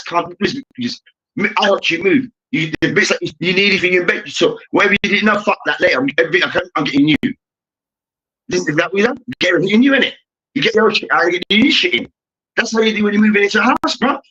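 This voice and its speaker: Ranting young man, high bright voice. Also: expressive, fast. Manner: ranting, profane, repeats "hear me now". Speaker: debate show host. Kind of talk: heated sports debate. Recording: dull lo-fi recording.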